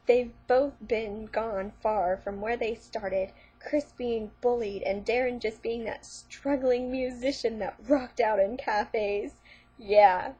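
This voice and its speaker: A woman's voice: fairly high pitch, dark tone, husky. A woman vlogger reading fan fiction aloud, breaking in with sarcastic, mocking commentary.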